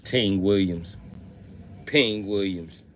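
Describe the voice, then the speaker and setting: A man's voice: sits low, drawn-out words, a bit bright, slight background noise. A man riffing profanely on a livestream, switching between bits as he talks. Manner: profane, riffing, jumps in and out of voices. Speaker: comedian streamer.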